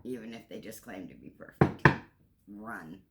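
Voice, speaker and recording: A man in his sixties gives a spiritual tarot card reading in a creaky, somewhat low voice, expressive and at a moderate pace, over heavy background noise. He is earnest and encouraging, emotional and at times tearful, and he often repeats and restarts his phrases.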